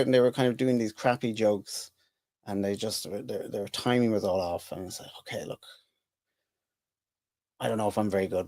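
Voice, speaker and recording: A middle-aged Irish man with a fairly low voice, talking casually as a podcast guest. He wanders through his stories with restarts and dry jokes. The sound is close and dry, with no room around it. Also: darkish tone, no room sound. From Ireland. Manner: rambling, self-interrupting, dry humour. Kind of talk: casual interview chat.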